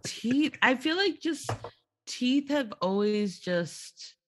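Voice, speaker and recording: A woman's voice: fairly high pitch, animated, a little hiss or hum. A woman in her thirties chatting casually as a podcast co-host, laughing often and drawing out her words. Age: 30s. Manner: giggly, drawn-out, laughs often. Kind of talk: casual chat.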